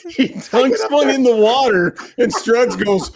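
A man's voice: very high-pitched, lively intonation, drawn-out words, husky, no echo. A man hosting a sports talk show, teasing his co-hosts in casual chat. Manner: teasing, playful. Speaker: host.

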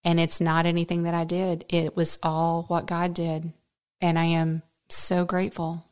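A woman's voice: lowish voice, measured pace, smooth. A woman in her fifties, a podcast host telling a personal story in an earnest, faith-centered way, acting out the things people said. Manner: lively storyteller who acts out quoted speech.

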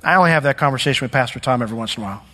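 A male pastor giving a sermon, telling stories with lively acted-out dialogue. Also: mid-range voice, rapid-fire. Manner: animated storytelling, acting out quoted dialogue.

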